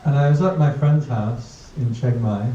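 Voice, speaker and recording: A Buddhist monk with a dark-toned, medium-pitched voice talks to a mindfulness class at a moderate pace. Casual and humorous, he shares anecdotes and laughs at his own jokes. The recording sounds dull, distant, and roomy, with a little hiss or hum.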